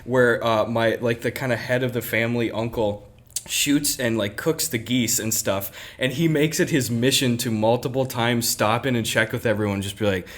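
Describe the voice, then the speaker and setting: A young man co-hosting a podcast in casual chat, an animated storyteller who acts out other people in his anecdotes. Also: medium pitch, normal speed. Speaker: podcast co-host.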